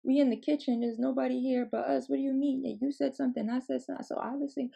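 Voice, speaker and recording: A woman's voice: sits high, fairly even intonation, fast, gravelly, mellow, slightly rough, pitched above the performer's own voice, heavily acted. A woman voicing her childhood self as a naive, literal-minded little girl who protests indignantly. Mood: puzzled.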